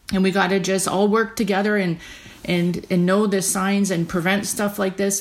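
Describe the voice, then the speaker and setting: A woman hosting a podcast, talking haltingly with many fillers and restarts, close to tears as she gives an emotional update. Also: lowish voice. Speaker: podcast host.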